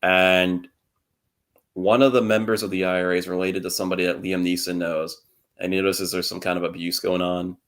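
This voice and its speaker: Deep-voiced young man rambling on a podcast. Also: little pitch movement, a little fast, a bit bright. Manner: rambling, laughs often, swears casually. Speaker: podcast co-host. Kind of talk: casual chat.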